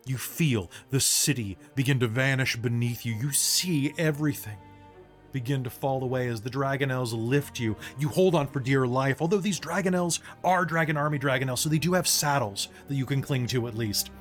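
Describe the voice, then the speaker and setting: A man's voice: medium pitch, moderate pace, faint music behind. Man narrating as game master. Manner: relaxed, descriptive narration with fillers.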